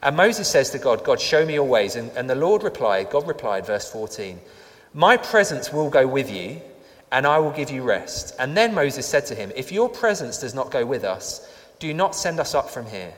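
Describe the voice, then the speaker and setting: A man's voice: mid-range voice, big pitch swings, normal speed. A man preaching a sermon, reading scripture aloud and repeating key lines for emphasis. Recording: long church reverb.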